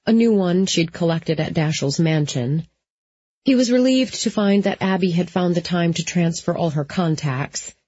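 A woman narrating an audiobook in a steady, even storytelling manner. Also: lowish voice, husky, no room sound, lo-fi sound.

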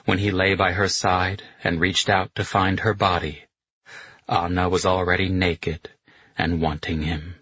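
Male audiobook narrator, steady and measured, deep and husky. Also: no echo, lo-fi sound.

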